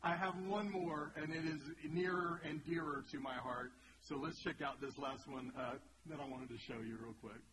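A man's voice: fairly high pitch, steady tone, normal speed, few pauses. A middle-aged man hosting a video reaction, chatting enthusiastically and drifting into a preachy tone. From United States. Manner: enthusiastic, churchy call-and-response. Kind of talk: casual commentary turning preachy. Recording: loud background noise.

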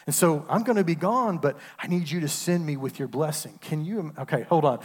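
A man's voice: a little high, fairly quick. A man, preaching a sermon with call-and-response asides. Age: 50s. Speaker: pastor. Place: church sanctuary. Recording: long hall reverb.

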